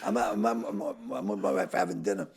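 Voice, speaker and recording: An older man, a comedian guest, telling stories in casual chat, acting out dialogue in quick bursts with a gravelly, husky voice. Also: lowish voice, steady tone, a little mellow.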